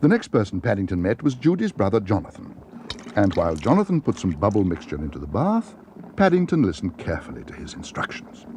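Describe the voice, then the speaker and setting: A man narrating a children's storybook with a gentle, expressive reading. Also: lowish voice, brisk, a little hiss or hum.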